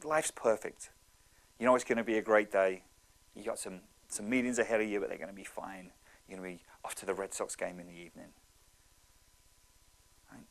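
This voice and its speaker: Animated male storyteller giving a talk. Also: fairly low pitch, brisk, vocal fry, pauses often. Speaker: speaker.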